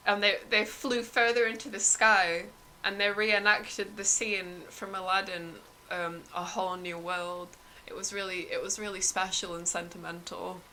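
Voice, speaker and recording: A woman streamer improvising a silly story, narrating slowly and giggling now and then. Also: mid-range voice, little pitch movement, sharp tone, a little hiss or hum, low-quality recording.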